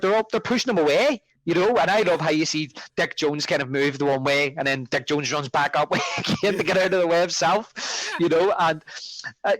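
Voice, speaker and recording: A man's voice: a little high, dry recording, poor audio. Man chatting about a film, dry sound. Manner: rambling, animated retelling of scenes. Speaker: podcast co-host. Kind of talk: casual film discussion.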